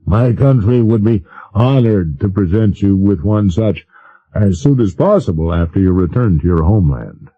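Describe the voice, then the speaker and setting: A man voicing a middle-aged president who speaks in a slow, indulgent, gracious way. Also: fairly low pitch, expressive, phone-quality sound.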